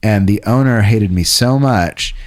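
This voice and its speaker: A man with a low, deep voice tells rambling stories in casual conversation. He swears freely and pokes fun at himself, and his voice sounds dry and close with no room around it. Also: unhurried, dry recording. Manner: rambling anecdotal storyteller, profane, self-deprecating.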